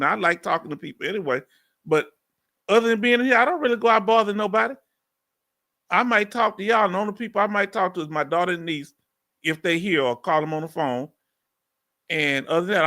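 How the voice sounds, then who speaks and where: A middle-aged man with a strong Southern accent from Texas, loudly and folksily chatting live with his viewers as host. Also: a little high. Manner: loud and folksy, reads out viewer comments. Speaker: livestream host. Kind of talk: casual live chat with viewers.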